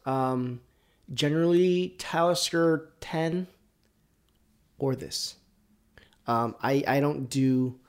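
A man with a gravelly, creaky voice hosts his own podcast and talks casually through a whiskey tasting. He rambles, corrects himself mid-sentence and slips into quiet, muttered asides between louder lines. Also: medium pitch. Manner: drops to near-whispers between louder bursts. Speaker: podcast host.

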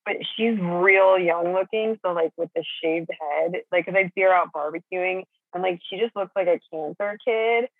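A woman's voice: fairly low pitch, normal speed, few pauses, dry recording. A middle-aged woman chatting casually as a caller, swearing and rambling with lots of fillers. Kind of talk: casual chat. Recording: phone line.

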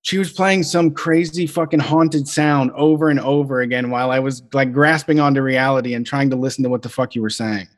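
A man's voice: medium pitch, steady tone, a little fast, few pauses. A man co-hosting a casual chat show, ranting in a heated way and swearing freely. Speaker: podcast co-host.

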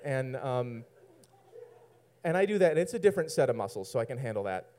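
A man's voice: mid-range voice, expressive, a little fast, long pauses, darkish tone, clear, resonant tone. Brief: male storyteller, loose and rambling, self-mocking humor. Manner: rambling, self-mocking, laughs at his own lines. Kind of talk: personal story told to an audience.

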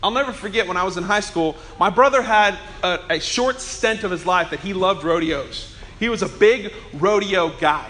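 A man preaching a Sunday sermon, telling humorous, chatty stories and slowing down to press points home. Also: sits high, a bit bright. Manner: earnest preaching with slow emphasis. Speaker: pastor.

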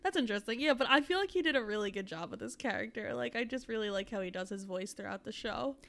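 A young woman co-hosting a podcast, chatting casually about a show and slipping in quick asides. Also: medium pitch, animated, vocal fry, fairly bright tone. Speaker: podcast co-host. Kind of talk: casual chat recapping a show.

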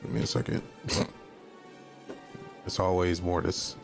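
A man's voice: low-pitched, fairly even intonation, measured pace, vocal fry, music in the background. A man playing a tabletop game, explaining his character's moves hesitantly with many fillers. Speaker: player. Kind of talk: casual tabletop play.

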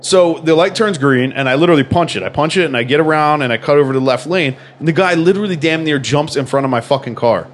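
A man's voice: a little high, quick pace, few pauses, slight background noise. A man in casual chat, telling a rambling, profane story full of fillers.

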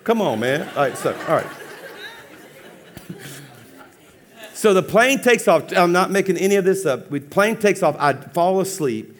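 A man preaching as a pastor, telling a funny personal story with lively, laughing acted-out dialogue. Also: high-pitched, measured pace, pauses often, a faint crowd. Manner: animated, humorous, acts out dialogue with laughs. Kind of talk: sermon storytelling.

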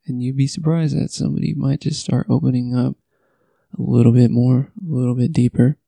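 A man speaking earnestly about personal experience in a halting, pleading way. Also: mid-range voice, fairly even intonation, gravelly, mellow, dry recording.

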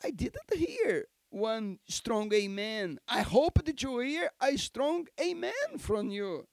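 Emphatic pastor preaching, high and very slow. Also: male voice, big pitch swings, creaky, no room sound. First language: Portuguese. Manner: emphatic, repeats key phrases, calls for amens. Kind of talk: sermon. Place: church.

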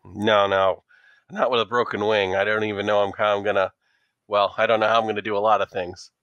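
Weary woman client done by a man, injured, halting, rambling, bright, dry. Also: lowish voice, level tone, clean tone, dry recording, muffled recording. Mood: weary pleading. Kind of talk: tabletop role-play.

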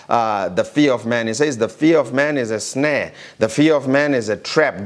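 A man preaching a sermon, reading scripture aloud and slowing down with rising emphasis on key verses, with some halting restarts. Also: medium pitch.

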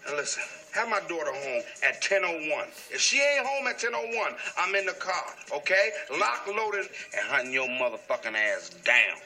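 A man's voice: fairly high pitch, sing-song, moderate pace, few pauses, pushed and bright, full character voice. An actor playing an overprotective father who grills his daughter's date in a film scene. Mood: interrogating, threatening. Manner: interrogating, escalating, profane.

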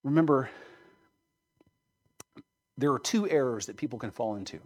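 A man's voice: medium pitch, lively intonation, normal speed. A male pastor preaching a sermon, emphatic, often checking in with rhetorical questions.

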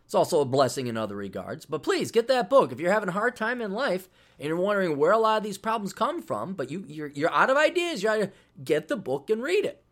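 A man's voice: high-pitched, big pitch swings, fast, fairly bright tone. Middle-aged male podcast host, brash and sarcastic, profane casual monologue. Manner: brash, sarcastic, profane, plugging his own books.

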